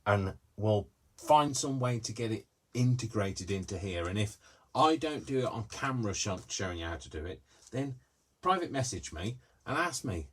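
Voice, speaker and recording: A man's voice: fairly low pitch, lively intonation, moderate pace, a bit bright, breathy edge. A man hosting a live craft tutorial in a small craft room, rambling with jokey, self-deprecating asides.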